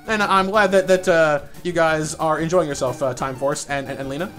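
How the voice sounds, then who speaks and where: Fast-talking man who stutters. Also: a little high, soft background music. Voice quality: stutters and repeats words. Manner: fast, excitable, reads chat aloud; laughs often and playful. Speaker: live streamer. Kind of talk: casual live-stream chat.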